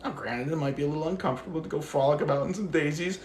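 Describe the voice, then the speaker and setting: Speaking very fast in a slightly high voice, a man hosts a phone livestream while walking his dog, and the sound is roomy. His casual rant is full of animated storytelling. He acts out quotes from the people involved and swears freely.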